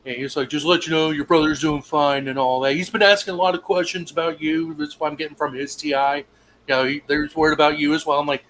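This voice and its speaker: Young guy cohost, kinda high voice, chill, swears a lot, little hiss behind. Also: fairly even intonation, fast, a bit bright, low-quality recording. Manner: laid-back, swears freely. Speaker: stream co-host. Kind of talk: casual storytelling chat.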